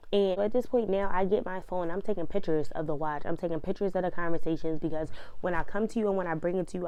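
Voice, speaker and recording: A woman, casually telling a personal story in an animated, fired-up way full of slang. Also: on the low side, smooth, dry recording.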